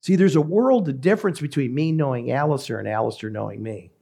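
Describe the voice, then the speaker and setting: A man who is a pastor, preaching a sermon in a measured, emphatic way with deliberate pauses. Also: medium pitch, vocal fry, dark tone.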